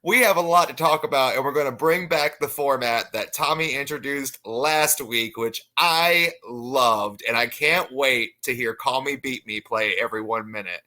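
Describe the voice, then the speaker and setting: A man's voice: medium pitch, moderate pace, hardly any pauses, bright, forceful tone. A young man co-hosting a casual wrestling podcast, playful and laughing often. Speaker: podcast co-host. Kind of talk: casual chat.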